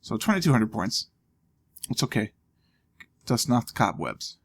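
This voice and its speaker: A man with a gravelly, creaky voice talks through a video game in a loose, casual way. He thinks out loud and throws in dry little jokes as he goes. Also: on the low side, wildly swooping pitch, a little slow. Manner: thinking aloud, wry asides. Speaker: let's play host. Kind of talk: casual gameplay commentary.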